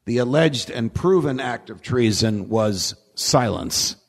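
A man's voice: medium pitch, animated, slow pace, gravelly. A man giving a lecture at a conference, a wry storyteller who laughs at his own jokes, speaking at a podium microphone. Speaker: guest speaker. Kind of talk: lecture with humorous anecdotes. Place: large conference hall. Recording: reverberant lecture hall.

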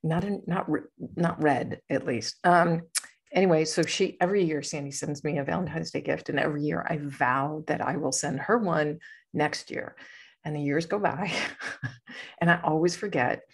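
A woman with a deep, husky voice hosts a podcast at a normal pace. She chats casually, rambling playfully and laughing often.

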